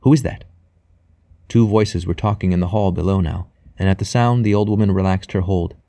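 Guy narrating a novel, low mellow voice, dry close sound. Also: fairly even intonation, fairly quick, dry recording. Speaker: audiobook narrator. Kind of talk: scripted narration.

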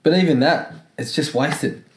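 A man's voice: fairly high pitch, moderate pace. A man ranting sarcastically about a film in casual chat, laughing as he talks. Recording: echoey room.

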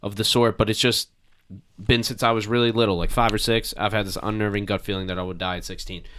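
A man's voice: on the low side, flat delivery, fast talker, fairly bright tone, slight background noise. A man chatting casually with a friend, playful and joking, reading forum posts aloud. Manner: playful, says "dude", laughs a lot. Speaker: co-host.

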